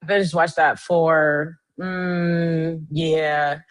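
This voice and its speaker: A young adult woman hosting a casual live stream, chatting directly to her viewers in a lively way. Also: very slow. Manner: lively, swings up high in pitch.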